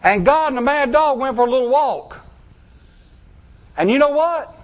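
A male preacher, telling a story in a sermon, acting out voices and swinging from loud bursts to hushed lines. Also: very high-pitched, animated, normal speed.

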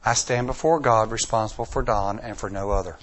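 A male pastor preaching a sermon in a folksy way, repeating lines for emphasis and swinging from hushed, slow passages to loud, high-pitched pleas. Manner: dramatic swings from hushed to near-shouting.

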